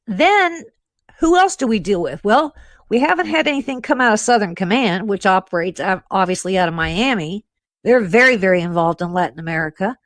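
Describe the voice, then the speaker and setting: A woman radio host speaking in animated, quick bursts, often pausing on fillers. Her voice is mid-pitched. It is recorded dry and close. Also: no echo. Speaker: radio host and intelligence analyst. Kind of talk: casual talk radio.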